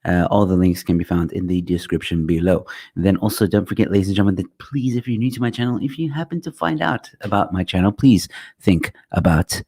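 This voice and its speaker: A young man hosts a casual livestream chat, joking and rambling while he plugs his channel. His husky voice is low, darkish in tone and fairly quick, and he's using a good-quality microphone.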